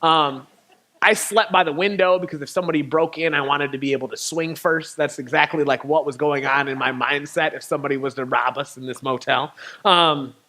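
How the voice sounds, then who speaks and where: A man, a poet, telling a candid personal story in a spoken talk, animated and laughing now and then between lines. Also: a little high, a little fast. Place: church venue.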